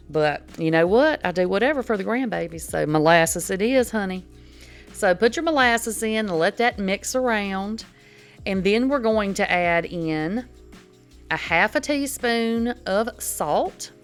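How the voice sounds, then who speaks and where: Older woman, cooking-channel host, folksy chatter, lowish voice, faint music under. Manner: chatty, folksy, says y'all a lot. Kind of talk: casual home cooking demo. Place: home kitchen.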